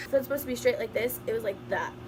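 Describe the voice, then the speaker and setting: A young woman telling a personal story in a storytime vlog, animated and often laughing. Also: on the high side, fast talker, slight background noise. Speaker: vlogger.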